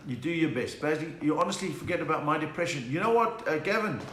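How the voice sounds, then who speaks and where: A South African comedian chats and puns through a home live stream, reading out viewers' names. His voice sits a little high. The room is echoey. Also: animated, a little fast, a bit bright. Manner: chatty, punning, reads out viewer names. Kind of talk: casual joke-telling live stream.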